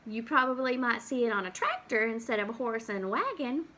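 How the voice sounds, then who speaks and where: A woman's voice: a little high, big pitch swings, a little fast, bright, forceful tone, a little hiss or hum. A woman reads a farm picture book to children, acting out animal sounds and stopping to ask them questions. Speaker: teacher reading to children. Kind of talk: read-aloud storytime with explanations.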